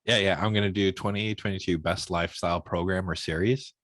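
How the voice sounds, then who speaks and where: A man's voice: deep voice, fairly even intonation, brisk, fairly bright tone, no room sound, studio quality. A man from Canada co-hosting a movie podcast in casual chat, swearing freely and joking around. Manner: profane, joking, laughs often. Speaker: podcast co-host.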